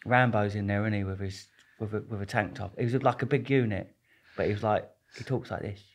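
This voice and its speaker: Brief: young bloke, casual podcast guest, chatty and rambling, laughs often. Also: male voice, on the low side, steady tone, a little fast. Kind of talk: casual storytelling.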